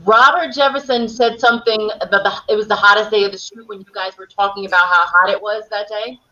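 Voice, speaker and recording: A woman hosts a live online chat in a bright, forward voice, reading out viewer comments and putting questions to the guests. Her audio sounds dull and lo-fi, as from a stream. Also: mid-range voice, steady tone, quick pace. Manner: reads out viewer comments, chatty. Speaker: host. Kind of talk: live stream interview hosting.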